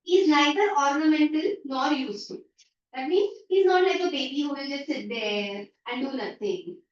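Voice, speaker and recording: A woman's voice: sits high, normal speed. A woman teacher with an Indian English accent, explaining a story in an online class by paraphrasing lines and acting out everyday remarks. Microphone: video call. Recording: echoey, distant, dull online-call audio.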